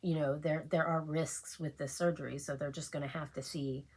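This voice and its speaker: A middle-aged woman vlogging at home while she gets ready, rambling and halting with many fillers and restarts, and emotional to the point of tears. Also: deep voice, steady tone, husky. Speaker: beauty vlogger. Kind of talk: casual chat while getting ready.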